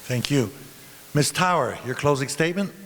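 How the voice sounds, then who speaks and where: A man's voice: mid-range voice, lively intonation, normal speed, fairly bright tone, a little hiss or hum. A man moderating a candidates forum in brief, formal turns. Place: school auditorium. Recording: reverberant hall.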